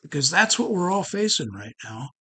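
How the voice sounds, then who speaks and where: Brief: male presenter at a networking meeting, motivational storytelling, lively. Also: on the high side, moderate pace, slightly rough, poor audio. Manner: animated, rhetorical questions.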